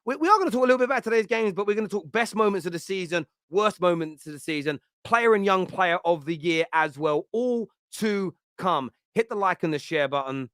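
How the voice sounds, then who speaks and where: A man's voice: high voice, expressive, brisk, few pauses, a bit bright, no echo, clean studio sound. A man, hosting a casual football chat show in a joking, rambling way with many fillers. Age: 30s. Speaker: host.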